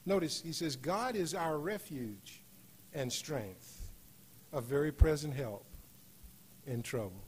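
A man preaching a sermon in a church, slowing on key phrases and rising to loud, emphatic peaks. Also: fairly high pitch, lively intonation, slight background noise. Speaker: guest preacher. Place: church sanctuary.

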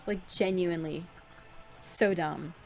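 A woman's voice: lowish voice, takes it slowly, creaky, soft background music. Swearing young woman gamer. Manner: frustrated, swears at her horse, laughs between insults. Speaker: gaming channel host. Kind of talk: casual gameplay commentary.

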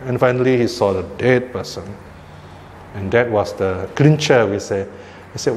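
A man's voice: mid-range voice, normal speed, darkish tone. An older man, giving an informal Buddhist dharma talk in a conversational manner and checking in with "you know" and "right?". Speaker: Buddhist teacher. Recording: hall reverb, faint ambient noise.

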